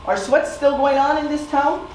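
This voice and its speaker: A woman's voice: high voice, normal speed, darkish tone, a little hiss or hum. A middle-aged woman giving a community presentation, telling stories and asking the audience questions. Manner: storytelling, asks audience questions. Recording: echoey room from far off.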